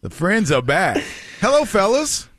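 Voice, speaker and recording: A man hosting a casual sports radio show, lively and laughing through quick banter. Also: high voice, a crowd in the background. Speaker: radio host.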